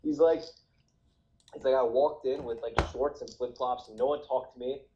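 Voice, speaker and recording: A young man from New Jersey in relaxed talk, peppering his stories with "dude" and casual swearing. His voice comes through dull and lo-fi, and his pitch sits mid-range for a man. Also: moderate pace, noisy background. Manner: laid-back, says "dude" a lot, tells stories animatedly. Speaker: trader. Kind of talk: casual chat.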